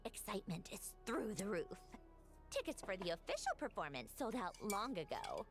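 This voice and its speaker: Thoughtful young woman, game dialogue, measured, expressive pitch, soft game music. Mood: reflective. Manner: measured, reflective.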